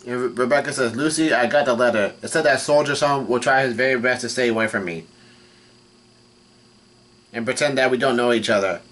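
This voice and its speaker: Reading along and recapping casually, a manga reaction vlogger speaks in a medium-pitched male voice. The read-through is halting, with frequent restarts and fillers, and any quoted lines come out flat.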